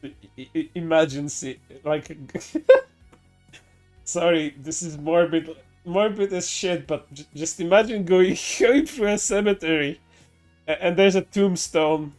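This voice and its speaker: Laughing, cursing male streamer, higher voice. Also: slow, darkish tone, soft background music. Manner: profane, laughs often, stammering restarts. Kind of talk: casual reaction commentary.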